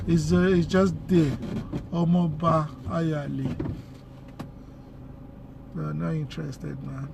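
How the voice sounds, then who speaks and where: A man's voice: a little high, steady tone, takes it slowly, vocal fry, pauses often. A man with a Nigerian accent chatting casually while he drives, rambling along with street slang. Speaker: vlogger. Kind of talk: casual chat while driving. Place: inside a car in city traffic. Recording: loud road and traffic noise.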